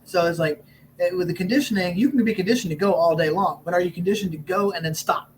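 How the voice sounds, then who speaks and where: A man's voice: high voice, fast talker, a little hiss or hum, low-quality recording. A man who is a wrestling referee, from Augusta, telling stories as a guest and acting out lines with a raised voice. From Augusta, Georgia. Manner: animated storyteller who acts out lines in a raised voice. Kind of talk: casual interview storytelling.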